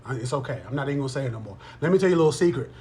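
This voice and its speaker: A man's voice: mid-range voice, animated, rapid-fire, mellow. Man, 30s, live-stream host, playful and chatty, mid-range voice, faint noise behind. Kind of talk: casual live-stream chat.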